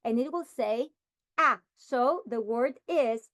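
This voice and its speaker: A woman training teachers by modeling a phonics lesson, sounding out syllables and words slowly and deliberately. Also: a little high, darkish tone, dry recording, studio quality.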